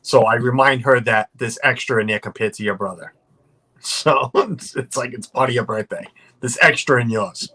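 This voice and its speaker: Bright-voiced man hosting a video chat stream. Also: mid-range voice, normal speed. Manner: joking, rambling, laughs often. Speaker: livestream host. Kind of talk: casual chat.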